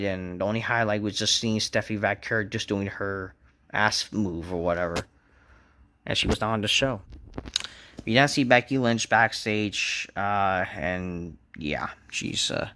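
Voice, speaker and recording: A man's voice: on the low side, sharp tone. A man ranting casually about a wrestling show, frustrated, swearing and rambling.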